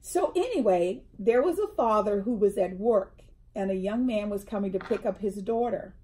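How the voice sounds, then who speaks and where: Her voice is medium in pitch and moderately paced, with a slight hiss or hum in the sound. This middle-aged co-host is chatting casually indoors over tea, an animated storyteller who performs the people in her tales by acting out their quotes.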